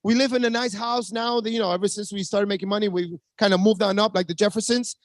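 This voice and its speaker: A man in his fifties with a Spanish-accented English, giving an energetic sales pitch to a team on a video call, hyped and full of asides to the audience. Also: fast talker, no echo. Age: 50s. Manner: hyped, talks straight to the audience, many asides. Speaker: network marketing presenter.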